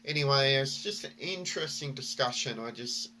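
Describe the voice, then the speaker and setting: A man's voice: medium pitch, moderate pace, pushed and bright. Brief: male vlogger, casual reflective storytelling, loose and rambling, faint hum behind. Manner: rambling, many fillers and restarts.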